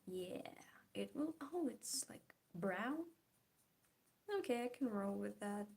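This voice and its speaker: A woman's voice: medium pitch, animated, slow pace, gravelly, a little mellow. A young woman chatting casually and giggling while she paints, trailing off into murmured, half-whispered asides. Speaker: art vlogger.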